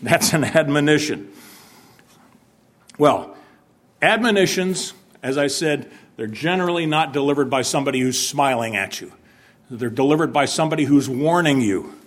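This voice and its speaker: A man's voice: a little high, expressive, moderate pace. A man preaching a sermon in church. He asks the congregation questions and acts out stern warnings to drive his point home. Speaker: pastor.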